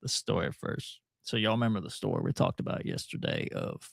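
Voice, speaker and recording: Low-voiced man co-hosting. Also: brisk, vocal fry, dry recording, clean studio sound. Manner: animated storytelling, laughs often. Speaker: co-host. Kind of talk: casual political talk show chat.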